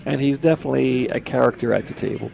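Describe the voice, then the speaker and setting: Gravelly-voiced man calling poker. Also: medium pitch, quick pace, a crowd in the background. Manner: chatty, easygoing, repeats words. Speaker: poker commentator. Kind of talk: live poker commentary. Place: commentary booth at a card room.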